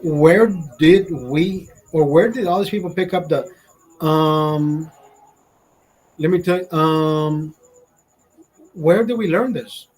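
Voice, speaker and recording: A man's voice: sits high, moderate pace, hardly any pauses, darkish tone, husky, low-quality recording. A man in his forties from Honduras with a Honduran accent, delivering a blunt, profane, indignant rant to camera. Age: 40s. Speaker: vlogger. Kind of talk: casual ranting monologue.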